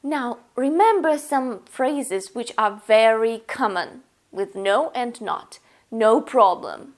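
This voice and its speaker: Woman, native Russian speaker, grammar teacher, slow deliberate delivery, slightly high voice. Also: expressive. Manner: careful, deliberate, reads out example sentences. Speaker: language teacher. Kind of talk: slow explanatory grammar lesson.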